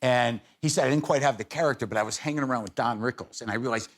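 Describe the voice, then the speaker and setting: A man's voice: mid-range voice, racing. A middle-aged man telling wry, rambling stories as a talk show guest, with self-deprecating asides. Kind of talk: casual anecdote telling.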